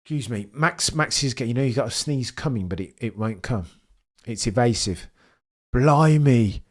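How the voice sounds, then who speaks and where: A young man hosting a live race watchalong stream, chatting excitedly to his viewers. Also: medium pitch, moderate pace. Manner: excitable, chatty, talks straight to chat. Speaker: livestream host watching a race.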